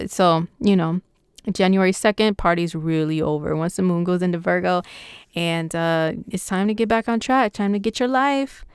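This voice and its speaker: Young woman, astrologer, casual horoscope vlog, excitable and slangy, very crisp voice, dry close sound. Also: on the low side, normal speed, no echo.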